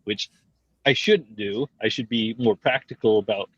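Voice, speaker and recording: A man's voice: lowish voice, moderate pace, breathy edge, no room sound. Male guest joining over a video call, reflective and unsure, lots of fillers, dry and muffled sound. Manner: reflective, hesitant, many "like" and "um" fillers. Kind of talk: casual conversation.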